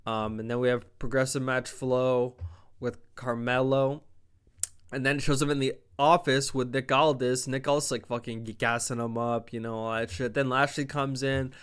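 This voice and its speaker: A young man casually recapping a wrestling show, rambling, swearing often and jumping into animated voices when he quotes people. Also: medium pitch, clean tone. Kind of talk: casual chat.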